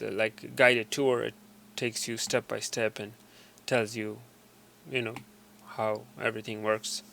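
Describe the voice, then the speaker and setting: A man casually demonstrates device settings on screen step by step, his delivery hesitant and full of fillers and restarts, frequently cutting off mid-sentence. His mid-range voice has vocal fry and a sharp tone, with a little hiss or hum in the recording.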